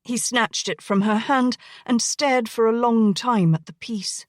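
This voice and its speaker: A woman narrating a historical romance audiobook in a measured, dramatic storytelling manner. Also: a little high, no echo, clean studio sound. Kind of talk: scripted narration.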